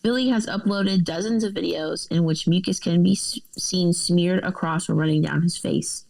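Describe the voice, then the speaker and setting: A woman with a low, gravelly voice co-hosts a casual podcast. She reads news articles aloud and breaks in with her own offhand remarks. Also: moderate pace, darkish tone, rough recording.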